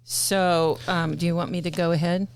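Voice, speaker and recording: Low-voiced woman hosting a chatty podcast. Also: flat delivery, normal speed, smooth, no echo. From United States. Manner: chatty, rambling with many fillers. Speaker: podcast host. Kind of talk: casual podcast chat.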